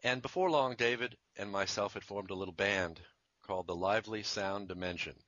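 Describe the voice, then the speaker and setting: A man's voice: lowish voice, fairly quick, a bit bright, no room sound, dull audio. A man in his fifties from Virginia, a jingle composer and musician, telling stories in an interview in a rambling, chuckling way with many restarts. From Virginia, USA. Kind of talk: conversational interview storytelling.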